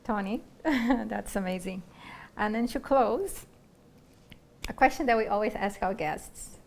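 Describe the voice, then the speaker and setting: A woman's voice: mid-range voice, unhurried, gravelly. Woman hosting an interview. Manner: brief affirming interjections. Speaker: podcast host.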